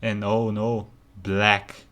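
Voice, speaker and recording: A man's voice: on the low side, monotone, extremely slow, a bit bright. A man hosting a reaction video, ranting incredulously with rhetorical questions in casual commentary.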